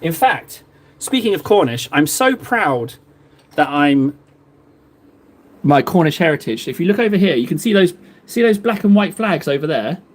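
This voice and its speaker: Live-streaming while he paints, a chatty, jokey man from Cornwall, England talks casually to his viewers. His voice is a little high and very animated, at a normal speed.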